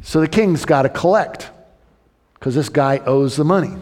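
A man preaching a sermon, animated and acting out the voices of the story's characters. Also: medium pitch, unhurried, in a large hall. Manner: animated, acts out the crowd and king in raised voices. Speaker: pastor.

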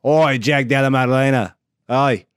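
A man's voice: medium pitch, fairly even intonation, moderate pace, clear, resonant tone, dry recording, studio quality, close to an everyday voice. A man voicing a brash, cocky fighter with an exaggerated mock-Australian patter full of 'oi' and 'crikey'.

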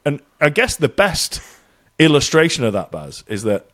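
This fairly high-pitched man from England speaks at an ordinary pace as co-host of a casual podcast; he lives in Ireland. His style is lively and profane, full of mock rants where he imitates others in silly voices.

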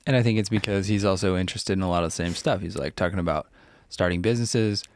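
A very deep-voiced man co-hosts a podcast into a close, dry microphone. His humor is dry and teasing, and he drifts into silly scatted jingles. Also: fast talker, no echo. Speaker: podcast co-host. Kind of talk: casual podcast chat. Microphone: studio microphone.

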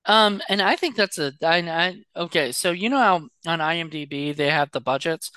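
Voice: medium pitch, normal speed, sharp tone, clean tone, dry recording. A podcast co-host chatting casually about a movie, rambling with many fillers and restarts. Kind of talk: casual movie-review chat.

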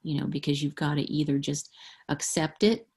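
A woman's voice: low-pitched, fairly even intonation, normal speed, a little mellow, husky. A middle-aged woman, an author being interviewed, speaking candidly and frankly and laughing often. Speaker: author guest. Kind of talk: interview conversation.

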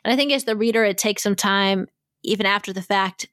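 A woman's voice: mid-range voice, a little fast, a bit bright, no echo, studio quality. A woman co-hosting a casual chat, animatedly retelling a story and quoting characters, swearing casually. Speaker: podcast co-host. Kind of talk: casual chat about fan fiction.

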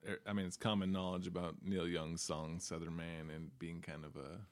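Deep-voiced man chiming in casually. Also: little pitch movement, normal speed. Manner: chimes in with short agreements and jokes. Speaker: podcast co-host. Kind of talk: casual chat.

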